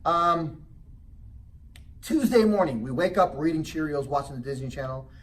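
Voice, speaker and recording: Middle-aged guy doing a seminar pitch, tells stories, keeps asking the crowd questions, mic kinda far off. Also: normal speed. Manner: storytelling, asks the audience questions; acts out child's voice in high pitch. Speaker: real estate educator. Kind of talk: motivational seminar talk. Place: presentation room. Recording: distant mic with faint background noise.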